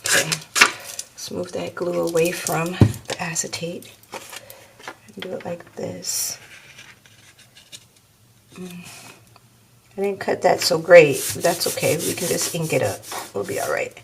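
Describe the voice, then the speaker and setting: A woman talks viewers through a craft project at an unhurried pace, musing aloud and calling them y'all. Her voice sits low with a gravelly fry. Clinks of dishes and cutlery come through in the background. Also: noisy background. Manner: chatty, thinks aloud, addresses viewers as y'all. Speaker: crafting channel host. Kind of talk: casual craft tutorial talk.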